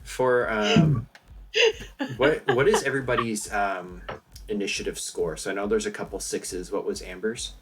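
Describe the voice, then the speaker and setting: Low-voiced man running a tabletop game. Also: normal speed, crowd noise. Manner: casual, with laughs and fillers. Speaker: game master. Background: music.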